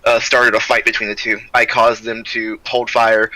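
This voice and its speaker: A man plays a stoic, loyal young soldier in a tabletop game, his voice very bright and tense. He talks haltingly, hunting for names and clearing his throat, and the sound is close and dry with no room around it. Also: mid-range voice, monotone, dry recording, lightly acted, poor audio. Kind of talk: in-character tabletop role-play.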